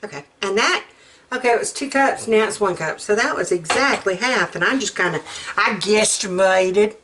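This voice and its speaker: Here the same home cook, a middle-aged woman, wanders folksily through a recipe demonstration in her kitchen. She speaks at a moderate pace with a medium, somewhat bright voice, over a slight hiss or hum.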